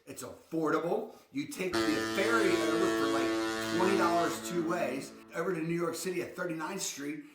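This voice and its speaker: A man with a Baltimore accent hosting a relocation vlog, hyping places in an excited, salesy way and repeatedly asking rhetorical questions. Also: a little high, normal speed, loud music behind the voice. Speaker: relocation guide host. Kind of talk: promotional vlog monologue. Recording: echoey room with loud background noise.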